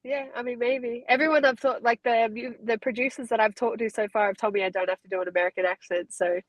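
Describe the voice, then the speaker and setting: A woman's voice: fairly high pitch, fairly even intonation, quick pace, dry recording, highs cut off. A woman from Australia with an Australian accent, chatting casually as an interview guest and laughing easily. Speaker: guest, fighter.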